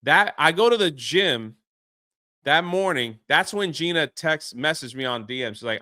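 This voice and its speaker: Male podcast guest, animated storyteller, slightly high and bright, dry. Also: normal speed, no room sound. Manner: excitable, swears mildly, acts out quotes.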